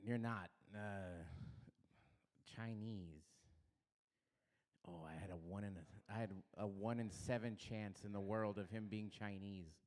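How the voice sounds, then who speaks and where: A man's voice: fairly low pitch, fairly even intonation, a little slow, a little mellow. A young man doing a rambling, self-deprecating stand-up set in a small comedy club. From Los Angeles area.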